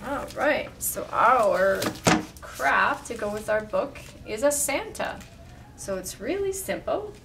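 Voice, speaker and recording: Woman, storybook read-aloud, animated, slightly high-pitched, expressive. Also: takes it slowly, gravelly, recorded from a distance, noisy background. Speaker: storyteller and craft leader.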